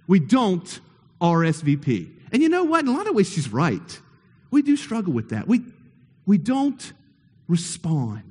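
A man preaching a sermon to his congregation in a church, playful and conversational, often asking them questions. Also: sits high. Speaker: pastor. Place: church sanctuary. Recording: long hall reverb.

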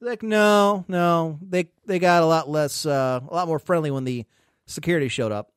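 A man's voice: fairly high pitch, moderate pace, clean tone, dry recording, studio quality. A male podcast host telling a casual, profane story, often quoting others in a raised voice.

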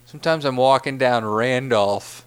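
A man's voice: mid-range voice, a little slow, clear, resonant tone. A man co-hosting a comedy podcast, teasing and swearing in loose banter. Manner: goofy, needling, swearing asides. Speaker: podcast co-host.

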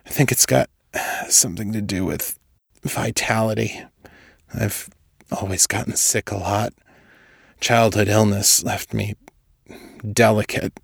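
A man voicing a frail, sickly young man who rasps and whispers in short, halting, strained phrases. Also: on the low side, fairly even intonation, no echo, clean studio sound, exaggerated voice. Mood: weak. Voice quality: raspy, breathy whisper. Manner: strained, halting, forced through the teeth.

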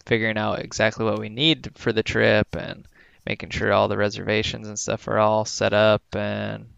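A man's voice: lowish voice, monotone, moderate pace, creaky, a bit bright, clean tone, dry recording. A young man co-hosting a podcast in casual chat, laid-back and full of "like" and "dude". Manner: laid-back, filler-heavy, says "like" and "dude" often. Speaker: podcast co-host. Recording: slightly dull lo-fi recording.

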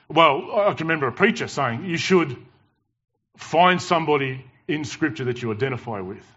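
A man preaching a sermon in church with animated, emphatic storytelling and jokes. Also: medium pitch. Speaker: pastor. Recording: dull lo-fi church recording.

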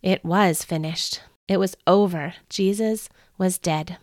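A woman hosting a podcast, reading a first-person story in an earnest, expressive way. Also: on the low side, slow, dry recording, studio quality. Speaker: podcast host.

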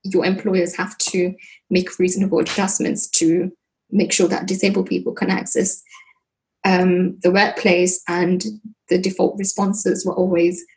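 A woman's voice: fairly low pitch, measured pace, low-quality recording. A woman from Britain, a guest chatting casually and telling stories with lots of fillers. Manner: chatty, lively storytelling with frequent fillers. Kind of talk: casual conversation.

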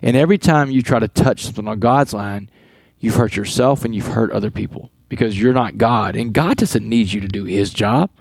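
A man from Texas tells his story as a podcast guest, earnest and animated as he acts out the people in it. His voice sits low, and the sound is dry and close. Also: fairly quick, creaky, slightly rough, dry recording. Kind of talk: storytelling interview talk.

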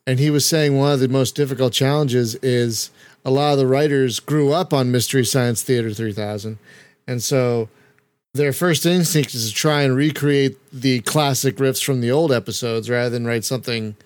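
A man's voice: medium pitch, fairly even intonation, normal speed, darkish tone, no echo. A man hosting a casual game stream, rambling and restarting his sentences as he talks. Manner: rambling with restarts, laughs often. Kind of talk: casual chat while playing a game.

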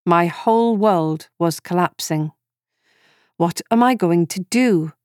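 A woman in her forties reading a first-person story in calm, measured scripted narration. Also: on the low side, no room sound, clean studio sound. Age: 40s.

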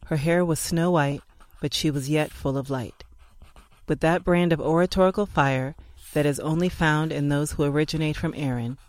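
A man's voice: fairly high pitch, no echo, low-quality recording. Man narrating history, dry close sound. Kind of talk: scripted documentary narration.

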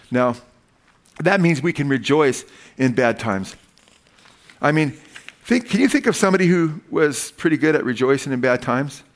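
A man preaching a sermon in a loose, conversational way. His voice is mid-pitched, and he peppers his talk with "man." He tells jokes along the way. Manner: casual and folksy, says "man" often, tells jokes. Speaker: pastor.

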